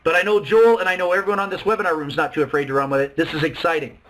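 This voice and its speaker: Upbeat male webinar presenter, high and bright, hard-selling. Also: racing, slight background noise, rough recording. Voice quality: excitable, salesy, acts out quoted voices. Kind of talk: sales pitch on a webinar.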